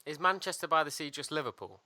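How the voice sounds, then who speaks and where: Bright-voiced joking man. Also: fairly high pitch, fast, no room sound, studio quality. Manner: jokey short interjections. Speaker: podcast co-host. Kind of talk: casual podcast chat.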